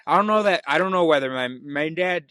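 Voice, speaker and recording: A man's voice: on the high side, lively intonation, brisk, bright, forceful tone, clean tone. A man in a casual monologue, rambling and interrupting himself with many restarts. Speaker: vlogger.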